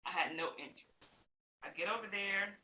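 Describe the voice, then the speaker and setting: Animated woman telling her story, roomy sound. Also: on the low side, moderate pace. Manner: animated, acts out other people's lines; laughs often while talking. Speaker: interview guest. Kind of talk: casual storytelling interview. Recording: roomy with faint hiss.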